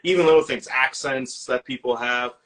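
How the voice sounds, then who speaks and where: A host with a New York accent who tells animated, joking stories in a casual interview chat. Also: mid-range voice, normal speed, rough recording.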